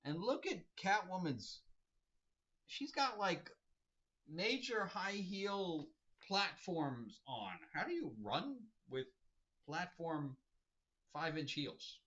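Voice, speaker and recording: Slow-talking bright-voiced male comics host. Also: sits high, sing-song. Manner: rambling, amused, chuckling asides. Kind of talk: casual review chat. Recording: dull lo-fi recording.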